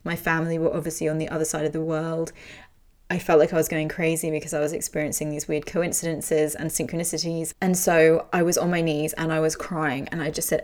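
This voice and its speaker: A woman's voice: sits low, little pitch movement, a little fast, a little mellow. A young adult woman candidly telling an emotional personal story, speaking frankly and swearing freely.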